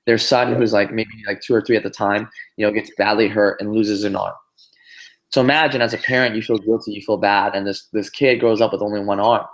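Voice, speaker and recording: Animated man telling a motivational story. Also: on the low side, brisk. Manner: animated storyteller, many fillers and tag questions. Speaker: business trainer. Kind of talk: motivational talk on a group call.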